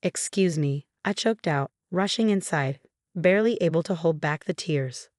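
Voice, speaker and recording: Brief: woman storyteller, low voice, dry close recording. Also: expressive, normal speed, no echo. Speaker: narrator. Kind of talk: scripted first-person story narration.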